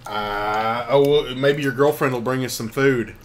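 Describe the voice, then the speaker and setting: Young male co-host, loose and jokey, mid-pitched, faint room hum. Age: young adult. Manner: joking, rambling, quick to laugh. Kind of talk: casual chat.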